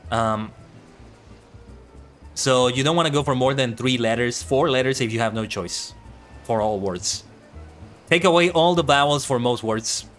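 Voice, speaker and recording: A man's voice: mid-range voice, fairly bright tone. A man streaming a game, musing aloud in casual, chatty commentary. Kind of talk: casual commentary while gaming.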